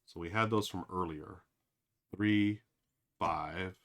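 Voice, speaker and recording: Bright-voiced man chatting on a live stream. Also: low-pitched, takes it slowly. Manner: rambling, thinks aloud, many fillers; addresses chat directly. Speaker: streamer playing a board game. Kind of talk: casual live-stream commentary.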